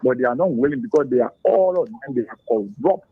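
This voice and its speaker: A man's voice: medium pitch, expressive, fast talker, breathy edge, dry recording. A man with a Liberian English accent calling in to a radio talk show, speaking with impassioned lament. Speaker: caller. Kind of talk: call-in radio complaint. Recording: muffled phone line.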